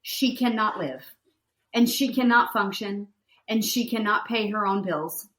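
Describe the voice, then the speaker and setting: A woman co-hosting a podcast, chatting about reality TV in a blunt, expressive way and swearing when riled. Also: mid-range voice, measured pace. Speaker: podcast co-host. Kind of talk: casual chat recapping reality TV. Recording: roomy echo.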